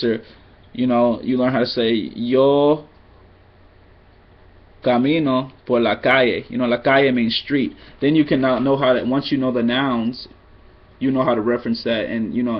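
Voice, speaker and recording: A man's voice: mid-range voice, muffled recording. A man giving a loose, rambling vlog lesson, mixing in Spanish phrases and poking fun at himself. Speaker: vlogger teaching Spanish.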